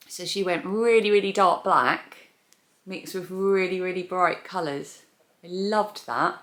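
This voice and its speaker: Hosting a crochet and knitting podcast, a woman with a lowish, slightly bright voice chats casually as she shows off yarn. She laughs at her own bad memory, and the room sounds echoey.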